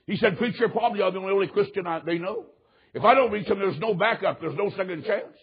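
A man preaching a sermon, telling a story with animated delivery and acting out the quotes. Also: high voice, fast talker, slightly rough, dull audio.

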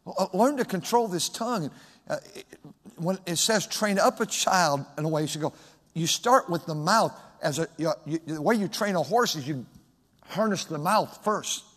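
A man preaching a sermon in a high voice, his words ringing through a long hall reverb. He shifts from loud, urgent exhortation to hushed, gentle talk, like a pastor in full flow. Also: expressive, normal speed, slightly rough. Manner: preaching with strong swings from loud exhortation to soft, quiet talk.

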